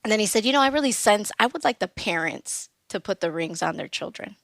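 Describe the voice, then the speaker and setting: A young woman telling a personal story as a podcast guest, animated and acting out the voices of the people she quotes. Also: medium pitch, brisk, vocal fry, dry recording. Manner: animated, acts out quoted voices, laughs often.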